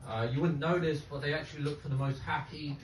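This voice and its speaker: A young man from England, delivering a deadpan stand-up set of dark one-liners in a comedy club. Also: on the high side, fast. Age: young adult. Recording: roomy, distant, noisy club recording. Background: audience laughter.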